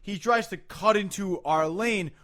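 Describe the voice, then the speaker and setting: Bright, high-voiced man ranting. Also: measured pace. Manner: profane, animated storytelling with heated reenactments. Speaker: podcast host. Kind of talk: casual podcast chat.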